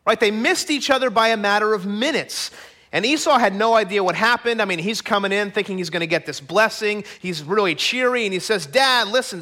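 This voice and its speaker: A male pastor giving a sermon in a high-pitched, bright voice. He tells the story dramatically and keeps checking in with the listeners through rhetorical questions. His delivery slows down and speeds up with the drama.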